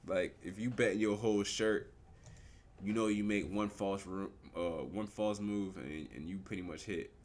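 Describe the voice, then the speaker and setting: Young man, very low voice, laid-back slangy live trading commentary that answers its own questions. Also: a little slow, slight background noise. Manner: relaxed, slangy and explanatory, asks and answers his own questions. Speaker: livestreaming forex trader.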